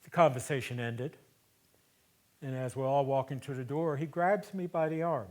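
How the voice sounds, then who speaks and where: A man's voice: mid-range voice, normal speed. Older man telling a story onstage. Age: 70s. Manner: conversational, swings between loud emphasis and hushed asides. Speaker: solo stage performer. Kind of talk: theatrical storytelling monologue. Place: theater stage.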